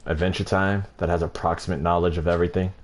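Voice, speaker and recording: A man's voice: deep voice, level tone, fast talker, slight background noise. A man co-hosting a gaming podcast in casual chat, laughing often and swearing casually. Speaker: podcast co-host.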